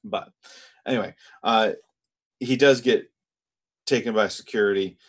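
A man with a fairly low voice talks through an episode recap in a relaxed podcast chat. He reads from his notes and keeps an easy, measured manner. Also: slightly rough. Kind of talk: casual chat.

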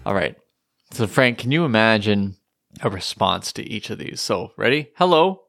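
A man's voice: fairly low pitch, animated, normal speed, gravelly, a bit bright, faint music behind. A man co-hosting a podcast, chatting casually and joking while reading song lyrics aloud. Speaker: podcast co-host. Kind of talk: casual chat about a song.

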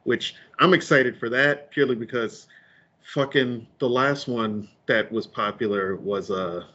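A man's voice: medium pitch, a little slow, bright, forceful tone. A man on a casual podcast, telling a story and acting out every line of dialogue, with heavy slang and cursing, recorded in dull lo-fi audio. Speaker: podcast co-host.

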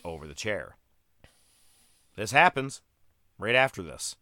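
Podcast host, male, low voice. Loose, profane storyteller, close dry mic. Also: sing-song, measured pace, pushed and bright, dry recording. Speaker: podcast host recapping wrestling. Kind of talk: casual chat.

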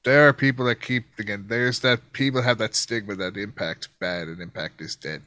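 Bright-voiced man in a casual chat. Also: on the low side, normal speed, no room sound. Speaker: podcast co-host.

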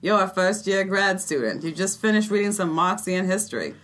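A woman voicing a cocky young working-class male genius in a put-on Boston accent, delivering a scornful rapid-fire put-down. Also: medium pitch, expressive, a bit bright, close to an everyday voice. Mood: mocking.

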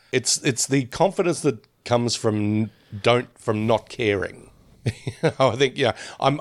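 A man's voice: mid-range voice, animated, moderate pace, no echo, studio quality. A man co-hosting a podcast, chatting casually about a sitcom in a rambling, laugh-prone way. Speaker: podcast co-host. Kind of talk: casual chat reviewing a sitcom.

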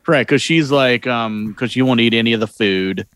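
A man's voice: mid-range voice, normal speed, a bit bright, smooth, dry recording. A man co-hosting a casual movie podcast who rambles through his points with many fillers. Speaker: podcast co-host.

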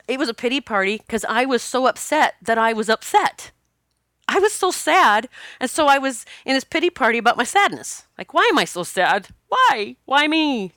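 Talking to camera, a woman who vlogs about spirituality rambles confessionally, laughs a lot, and keeps restarting. Her fairly high voice has a sharp tone, captured in clean studio sound with no room echo.

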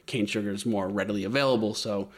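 A man's voice: on the low side, steady tone, fast talker. A man presenting a history topic in a casual podcast chat, explaining with many hesitant fillers.

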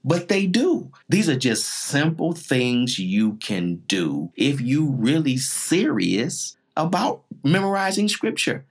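A man's voice: medium pitch, gravelly. A man in his forties preaching a teaching sermon in numbered points, emphatic and repetitive. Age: 40s.

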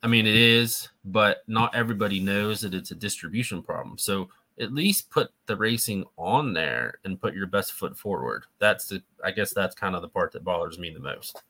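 A man's voice: sits low, lively intonation, normal speed, hardly any pauses, bright, forceful tone. A man in casual chat, giving his views in a reflective, opinionated way.

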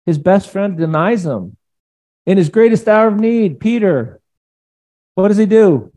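Animated preaching man, mellow voice. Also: sits high, a little slow. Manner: animated, conversational preaching with acted-out quotes. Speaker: pastor. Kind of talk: sermon.

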